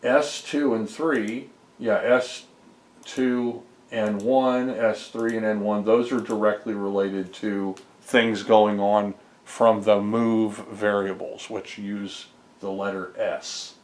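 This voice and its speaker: A homebrew game developer walks casually through his game code in a screen-recorded dev vlog, rambling and explaining each step with plenty of fillers. His voice is fairly low and flat, his pace slow, and the room echoes.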